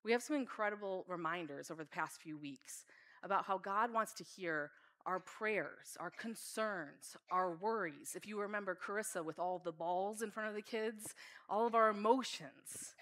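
A woman's voice: medium pitch, a little slow, a bit bright. A woman preaching a sermon in an earnest, heartfelt way. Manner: earnest, reads scripture aloud with feeling.

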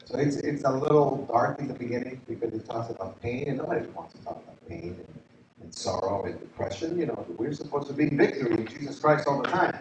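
A man's voice: mid-range voice, expressive, quick pace, muffled recording, background noise. A man preaching a sermon as pastor, chatty and joking, asking the congregation questions. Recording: echoey hall, distant mic.

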